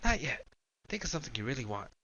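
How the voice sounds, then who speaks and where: A man voicing a bold, teasing young woman who holds a magic coin, speaking high and bouncy in an audiobook. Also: sing-song, quick pace, bright, forceful tone, highs cut off.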